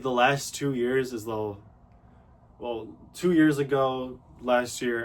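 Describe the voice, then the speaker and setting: Young male fitness vlogger, casual monologue, mid-pitched, filler-heavy, self-deprecating.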